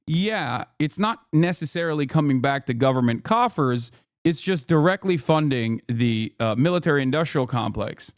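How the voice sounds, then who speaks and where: A man's voice: mid-range voice, dry recording, studio quality. A man in his thirties giving casual, sarcastic live-stream commentary on the news, mocking and rambling.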